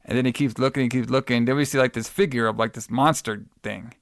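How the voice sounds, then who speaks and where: A man's voice: mid-range voice, steady tone, quick pace, vocal fry, no echo, studio quality. A man co-hosting a podcast, recapping a movie in rambling casual chat, cursing, laughing and saying bro. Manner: rambling, profane, laughs often, calls people bro. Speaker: podcast co-host.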